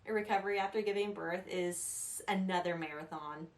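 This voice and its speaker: A woman's voice: on the low side, normal speed. A young woman vlogging casual advice, chatty and rambling, laughing at herself. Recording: echoey room, a little distant.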